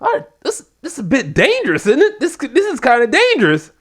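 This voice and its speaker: A man's voice: high-pitched, lively intonation, slow pace, fairly bright tone, voice pushed up, heavily acted. Give me a panicky wrestler with a raised, frantic voice, as a man acts him out, stammering repeats. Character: panicky male wrestler backing out of a stunt.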